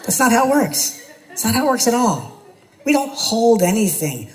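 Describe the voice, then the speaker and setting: A man's voice: high voice, very animated, moderate pace, long pauses, poor audio. Earnest man giving a spiritual talk. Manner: earnest, building repetition, slips into playful mimicry. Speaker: spiritual teacher.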